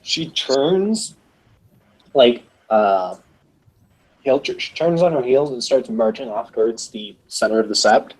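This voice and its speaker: A man's voice: medium pitch, lively intonation, slow pace, low-quality recording. A man narrating a tabletop role-playing game as game master, in a casual manner with frequent fillers.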